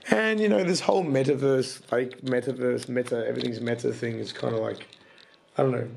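A man's voice: mid-range voice, fairly quick, gravelly, darkish tone, slight background noise. A man vlogging in casual, rambling, enthusiastic chat with a partner.

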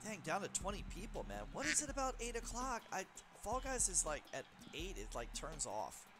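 A man's voice: sits high, wildly swooping pitch, moderate pace, background noise. A young man hosting a live gaming stream, hyped and teasing, laughing often with friends. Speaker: streamer host. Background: game music.

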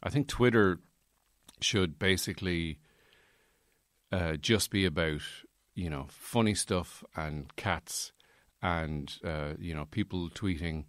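A man's voice: deep voice, slow, fairly bright tone, no echo, clean studio sound. A man, hosting a podcast in a rambling, digressive solo monologue full of fillers. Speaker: podcast host.

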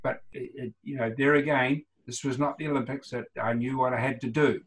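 A man's voice: medium pitch, fairly even intonation, fairly quick, rough recording. A man from New Zealand around seventy with a New Zealand accent, telling rambling anecdotes in a casual interview and acting out the quoted lines. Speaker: guest, retired runner.

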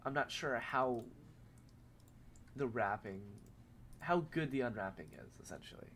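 A man who is sick with a cold, speaking in a nasal voice and giving a rambling, filler-filled software tutorial. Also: medium pitch, expressive, unhurried, slight background noise. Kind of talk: casual screen-recorded tutorial.

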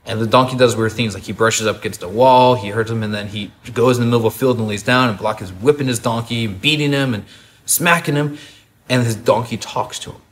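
Pastor telling a lively, humorous story. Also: male voice, mid-range voice, a little fast. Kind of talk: sermon.

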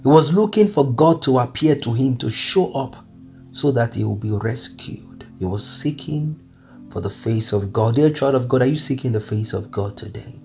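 A man's voice: mid-range voice, animated, moderate pace, faint music behind. A man delivering an earnest, pleading devotional sermon, repeating his phrases as he speaks. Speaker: preacher. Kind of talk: devotional sermon over music.

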